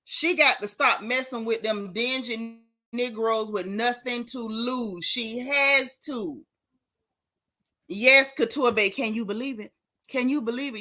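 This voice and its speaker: A woman's voice: a little high, lively intonation, normal speed, sharp tone. A woman hosting a gossip show as a casual livestream, dramatic and theatrical, talking straight to her chat viewers. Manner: talks directly to chat viewers.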